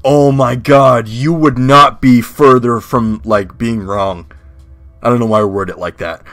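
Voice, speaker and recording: A man's voice: medium pitch, fairly even intonation, a little slow, fairly bright tone, no echo, soft background music. A young man casually commenting while streaming a game, rambling with restarts. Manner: rambling, many fillers and restarts. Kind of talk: casual let's-play commentary.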